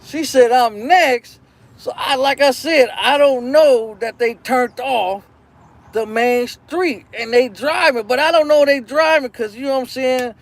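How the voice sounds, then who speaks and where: A man's voice: very high-pitched, measured pace. A male live-show host telling a long, crude anecdote in loose slang, rambling and repeating "you know what I'm saying". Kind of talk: live-stream storytelling.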